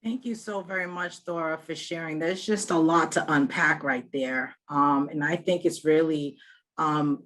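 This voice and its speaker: A woman moderating a panel discussion in a gentle, measured way. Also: deep voice.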